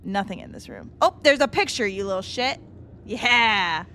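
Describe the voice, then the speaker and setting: A woman's voice: medium pitch, animated, normal speed, sharp tone, a little hiss or hum. A young woman streaming a horror game, joking and swearing bluntly as she plays, with faint game music behind. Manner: blunt, profane, joking asides. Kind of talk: casual gameplay commentary.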